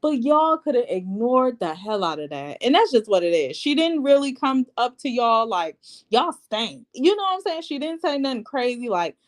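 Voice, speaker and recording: A woman's voice: fairly high pitch, normal speed, few pauses. A woman recapping a reality TV episode in casual, sassy commentary, acting out quotes as she goes. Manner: sassy and animated, quoting people in put-on voices.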